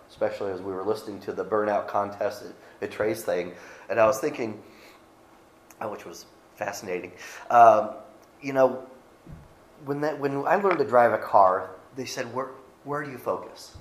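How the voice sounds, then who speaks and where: Middle-aged male pastor, lowish voice, casual conversational sermon delivery, roomy church acoustics. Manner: conversational preaching with restarts, reading scripture aloud.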